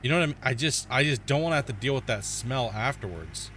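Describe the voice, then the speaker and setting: Casual male gamer, slangy dude-and-bro talk, mid-pitched voice, faint noise in the background. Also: lively intonation, quick pace, fairly bright tone. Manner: laid-back slangy chatter, says dude and bro. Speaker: gaming streamer. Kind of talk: casual let's-play commentary.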